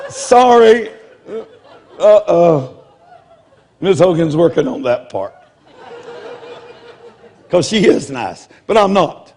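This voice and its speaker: A man's voice: high-pitched, wildly swooping pitch, extremely slow, pauses often, darkish tone, husky, some chatter behind. A man preaching in a humorous storytelling style, blunt and self-mocking, often laughing as he talks. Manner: blunt, confrontational delivery.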